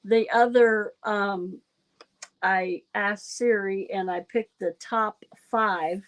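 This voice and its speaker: Slow-talking woman hosting casual trivia. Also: mid-range voice, fairly even intonation. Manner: slow, chatty, reading questions aloud. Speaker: livestream host.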